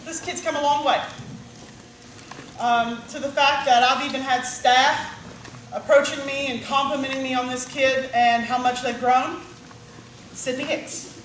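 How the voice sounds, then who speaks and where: A woman who directs a band, announcing student awards at a banquet and calling out names with warm pride. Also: high-pitched, fairly even intonation, a little slow, long pauses. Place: school gym. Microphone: far from the recording device. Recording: echoey gym taped from far off. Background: crowd murmur and noise.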